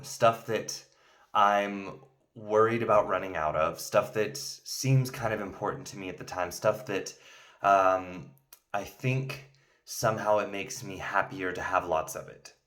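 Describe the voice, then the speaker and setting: A man's voice: on the low side, a bit bright. A man casually telling a made-up story to camera, rambling with many fillers and restarts. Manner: acts out indignant outbursts in the story. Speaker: video host telling a story.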